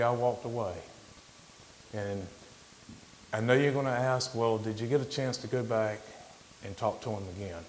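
A middle-aged man giving an informal sermon as a guest speaker, plainspoken, halting, with frequent restarts. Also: on the low side, a little mellow, a little hiss or hum, low-quality recording. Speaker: guest lay preacher.

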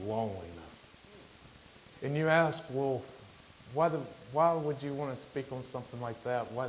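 Halting, plainspoken man giving a sermon. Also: lowish voice, slight background noise, rough recording. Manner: halting and plainspoken, with repeated restarts. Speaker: guest lay preacher. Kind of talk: informal sermon.

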